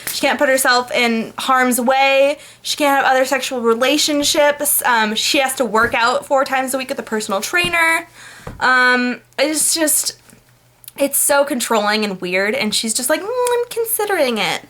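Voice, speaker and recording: A woman's voice: sits high, unhurried, bright, forceful tone. A young woman vlogger giving a sarcastic, exasperated, chatty book summary.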